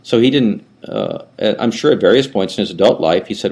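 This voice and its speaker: Older priest lecturing in a low voice. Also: male voice, wildly swooping pitch, a little fast, gravelly, hardly any pauses, darkish tone. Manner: rambling, with frequent restarts and asides. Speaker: Orthodox priest teaching a class. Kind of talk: conversational lecture.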